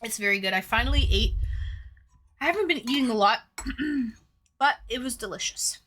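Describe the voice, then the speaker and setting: A woman's voice: fairly high pitch, moderate pace, fairly bright tone, slight background noise. A woman streamer chatting casually with viewers, reading their messages aloud and swearing freely. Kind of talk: casual chat.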